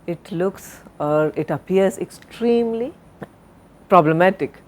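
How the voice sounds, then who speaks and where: Slow, deliberate woman lecturer. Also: mid-range voice, animated. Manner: slow, deliberate, spells out and repeats words. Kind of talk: recorded university lecture.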